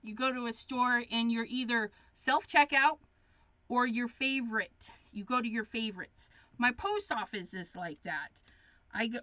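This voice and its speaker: A chipper woman with a high, bright voice hosts a live crafting stream. She chats in an unhurried, casual way, telling little stories and answering viewers as she works. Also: no room sound. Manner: chatty, chipper storyteller reading viewer comments. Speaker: crafting livestream host. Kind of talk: casual chat while crafting.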